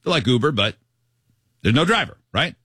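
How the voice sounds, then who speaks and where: A man's voice: medium pitch, normal speed, slightly rough, dry recording, clean studio sound. A man co-hosting a talk show, chatting casually and telling jokey stories. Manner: animated, jokey storytelling. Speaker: radio show co-host. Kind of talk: casual banter.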